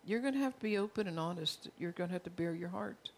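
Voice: medium pitch, animated, quick pace. A pastor delivering a sermon in an earnest, confessional way, calling out to the congregation. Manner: earnest, confessional preaching with call-outs to the congregation.

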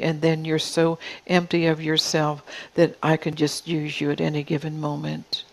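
A woman's voice: deep voice, little pitch movement, moderate pace, hardly any pauses, low-quality recording. A woman preacher delivering a prophetic sermon in God's voice, pressing her listeners with repeated questions. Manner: insistent repeated rhetorical questions.

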